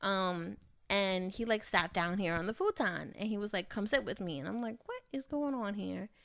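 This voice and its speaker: Young woman co-host, crisp bright tone, dry close sound, candid and profane storyteller. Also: mid-range voice, normal speed, no echo. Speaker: podcast co-host. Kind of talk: casual chat.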